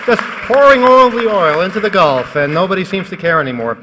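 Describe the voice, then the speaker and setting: A man's voice: high voice, lively intonation, a little fast, noisy background. A man moderating a live conference panel, casual and joking as he rallies the audience. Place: conference hall stage. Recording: echoey hall with faint crowd.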